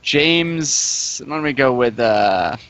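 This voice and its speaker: A man's voice: mid-range voice, lively intonation, very slow, fairly bright tone, dry recording. A man playing a tabletop role-playing game, talking eagerly and chattily about his character's plans. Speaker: player. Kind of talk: casual tabletop game play.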